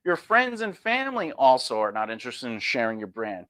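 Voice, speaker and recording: A man giving marketing advice in an animated lecture, acting out quick voices and punchy phrases. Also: mid-range voice. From Sicilian family. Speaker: marketing coach.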